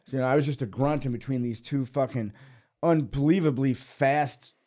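A man's voice: medium pitch, normal speed, dark tone. Profane rambling man telling stories. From Boise, Idaho. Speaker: podcast guest storyteller. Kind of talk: casual storytelling chat.

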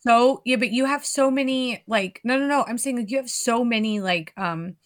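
A woman's voice: on the high side, moderate pace. A woman co-hosts a podcast in a loose, chatty way. She talks casually and lets the odd swear word slip. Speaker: podcast co-host. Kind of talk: casual chat.

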